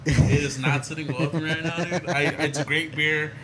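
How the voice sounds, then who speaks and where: A man's voice: on the high side, steady tone, moderate pace, over a noisy crowd. A man co-hosting a podcast, rambling casually between laughs while drinking beer. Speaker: podcast co-host. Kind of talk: casual chat over beers.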